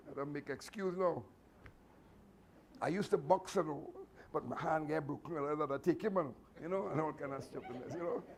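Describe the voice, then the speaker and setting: A man with a Trinidadian accent, telling animated, chatty stories to a martial arts class with laughing asides. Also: fairly high pitch, a little hiss or hum. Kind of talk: storytelling speech to a class.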